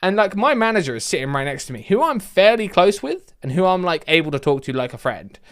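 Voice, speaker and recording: A man's voice: high-pitched, quick pace. A young man telling comic stories about his customer service job in an exasperated, ranting way. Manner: exasperated ranting, mock deadpan. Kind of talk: comedic storytime vlog.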